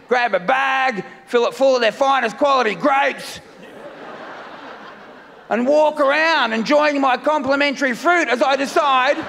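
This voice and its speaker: A middle-aged man from Melbourne with an Australian accent, doing a loud, rambling, self-mocking stand-up routine on a festival stage. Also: very high-pitched, vocal fry, long reverb tail, a little hiss or hum. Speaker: stand-up comedian. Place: comedy festival stage with live audience.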